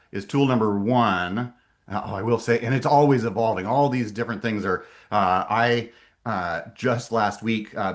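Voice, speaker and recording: Enthusiastic middle-aged man, lowish voice. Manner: enthusiastic, with frequent hesitations and restarts. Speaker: webinar presenter. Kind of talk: casual webinar presentation.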